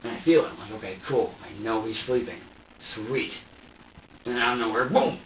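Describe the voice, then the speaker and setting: A man's voice: medium pitch, a little fast, slight background noise. A man talks through a long, rambling account, swearing freely, stumbling over restarts and voicing his own past thoughts. He sits well back from the microphone in a bare interrogation room, so he sounds distant and reverberant, with a dull, muffled tone. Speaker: suspect being questioned.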